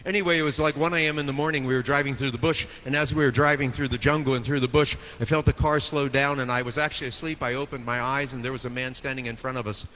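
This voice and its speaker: A man's voice: mid-range voice, fairly even intonation, quick pace, hardly any pauses. Man preaching in a reverberant church. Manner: dramatic storytelling, swings from hushed to soaring and loud. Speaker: pastor. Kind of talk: sermon storytelling. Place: church sanctuary. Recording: long hall reverb, faint noise.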